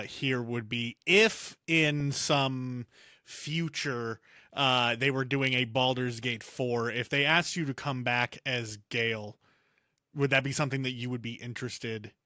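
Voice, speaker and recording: Man, interviewer, bright tense voice, dry close sound, hesitant with fillers. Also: medium pitch, dry recording. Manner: hesitant, filler-heavy phrasing. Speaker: interviewer host. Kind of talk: interview questions.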